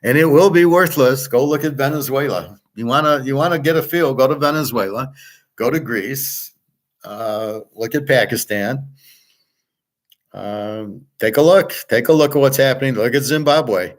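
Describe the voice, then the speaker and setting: A man's voice: medium pitch, normal speed. A man hosting a casual monologue show, talking bluntly and profanely with many restarts and trailing fillers. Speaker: podcast host and betting tipster.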